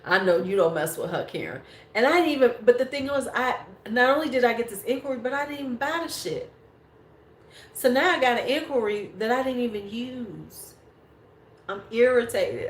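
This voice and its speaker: A woman's voice: fairly high pitch, lively intonation, normal speed, slight background noise. A woman in her forties hosting a beauty livestream, chatting casually and bluntly with viewers and swearing freely. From United States. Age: 40s. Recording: echoey room.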